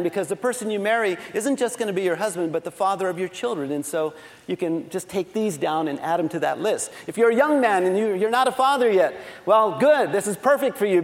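High-voiced man preaching in a reverberant hall. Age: middle-aged. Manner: warm storytelling with self-deprecating laughs. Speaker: pastor. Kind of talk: sermon.

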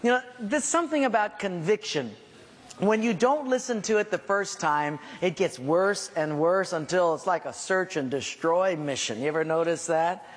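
A man's voice: high voice, normal speed. A middle-aged man, a pastor, telling a self-mocking story in a sermon and acting out the voices in it. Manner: animated, self-mocking, acts out the voices in his stories. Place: church hall. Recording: reverberant hall with faint background hiss.

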